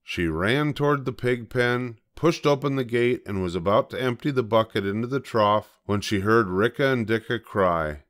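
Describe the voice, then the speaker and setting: An older man reading a children's story aloud as storyteller, gentle and measured. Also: medium pitch.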